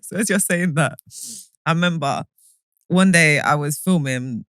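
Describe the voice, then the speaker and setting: A woman's voice: low voice, measured pace, fairly bright tone, no echo. A woman, a podcast co-host, chatting casually and laughing while she tells an anecdote. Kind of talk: casual chat.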